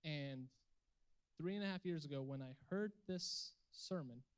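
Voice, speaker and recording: A man's voice: on the high side, unhurried, clear, resonant tone, rough recording. A young adult man giving an earnest, emphatic sermon to a youth group, ending with a call to pray and commit. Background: instrumental music.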